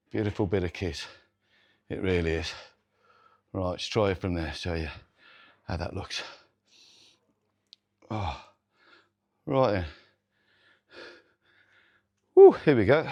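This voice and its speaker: A man's voice: low-pitched, breathy edge. Man, middle-aged, gym vlog host, counts reps, swears and groans mid-set, indoor gym. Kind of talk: workout demonstration vlog.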